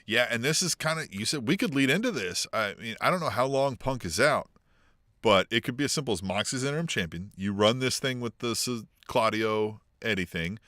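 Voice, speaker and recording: A young adult man co-hosting a podcast in casual chat, with a sharp, forceful brightness to his voice. He swears freely and laughs easily. The sound is close and dry. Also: medium pitch, expressive, fairly quick, dry recording. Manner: profane, laughs often, reads chat comments. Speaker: podcast co-host.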